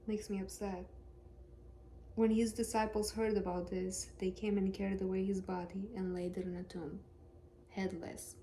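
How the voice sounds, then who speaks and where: A woman's voice: mid-range voice, flat delivery, measured pace, pauses often, warm tone, a little hiss or hum. Joking woman reading scripture aloud. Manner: sarcastic and joking. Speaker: Bible reader and commentator. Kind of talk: casual Bible reading with commentary.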